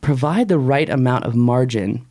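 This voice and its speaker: Emphatic man giving lively advice. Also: mid-range voice, moderate pace. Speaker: podcast co-host. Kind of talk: casual podcast chat.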